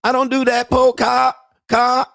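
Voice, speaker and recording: A man putting on a high, wheedling young Thai bar girl in a mock Thai accent, speaking broken English and tacking "sir" onto every line. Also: monotone, measured pace, gravelly, a bit bright, no room sound, clean studio sound, exaggerated voice. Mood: protesting innocence. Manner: sing-song, wheedling, keeps adding "sir" and "Po". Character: pleading young Thai bar girl woman, sweet-talking.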